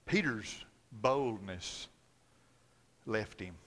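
Male pastor preaching with dramatic storytelling, forceful bright voice, long church reverb. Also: lowish voice, expressive, very slow. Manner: dramatic storytelling, swinging from loud to hushed. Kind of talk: sermon. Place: church sanctuary.

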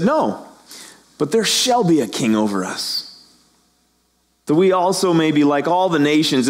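Preaching with animation, a middle-aged male pastor acts out the voices of characters in his sermon. His voice runs on the high side.

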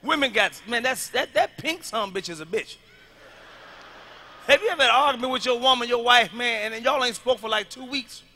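A man doing a stand-up comedy routine, loud and emphatic, hammering his punchlines over and over with a delivery. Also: very high-pitched, fairly quick.

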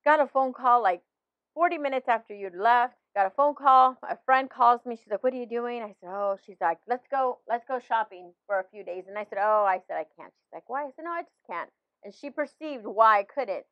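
A woman's voice: a little high, a little fast, no room sound, muffled recording. A woman in her fifties, a pastor, sharing a personal faith story in conversation with many restarts and laughs.

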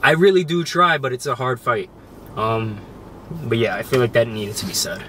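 A young man reading a heartfelt love letter aloud on a couple's vlog, soft and emotional, close to choking up. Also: medium pitch, moderate pace. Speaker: couple vlogger. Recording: faint background noise.

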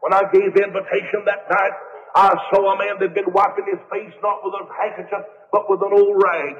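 A male evangelist, preaching a revival sermon full of stories and breaking into fervent shouts. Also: high voice, level tone, normal speed. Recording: dull old sermon tape in a reverberant hall.

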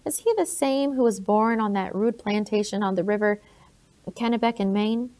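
A woman's voice: mid-range voice, moderate pace, a little mellow, close to an everyday voice. A woman reading an audiobook, voicing an anxious, persistent colonial woman in her own plain voice. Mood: questioning.

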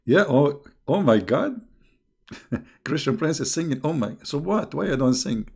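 A man's voice: on the high side, animated, a little slow, gravelly, husky. A middle-aged man hosting a casual online livestream, talking in a sarcastic, mocking way and chuckling often. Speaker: online religious debate host.

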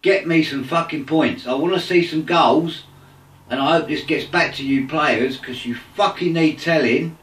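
A man's voice: on the high side, moderate pace, fairly bright tone, echoey room, distant mic. A man ranting angrily about his football team, swearing constantly. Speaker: football fan. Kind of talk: angry rant to camera.

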